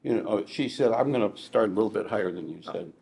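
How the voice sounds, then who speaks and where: Halting man author in an echoey room. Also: fairly low pitch, animated, vocal fry, a little mellow. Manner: hesitant, halting, stammering. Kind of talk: book reading and explanation. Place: book launch event room.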